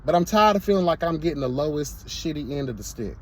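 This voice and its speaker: Sassy high-voiced man ranting to camera. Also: expressive, quick pace, slight background noise. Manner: sassy, emphatic, repeats "girl" and "hello, God". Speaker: commentary vlogger. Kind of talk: candid to-camera rant.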